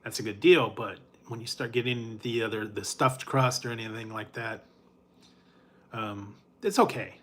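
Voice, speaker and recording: A man's voice: lowish voice, normal speed, a bit bright, a little hiss or hum. A middle-aged man hosting a casual chat with his live viewers, rambling in a laid-back way with frequent chuckles and fillers. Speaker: food reviewer.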